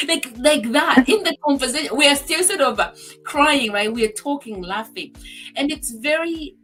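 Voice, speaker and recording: A woman's voice: sits high, animated, normal speed, fairly bright tone, faint music behind. A woman on a talk show, speaking in an emphatic, heartfelt way as she tells personal stories. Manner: acts out friend's remarks in quoted voices. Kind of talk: casual chat.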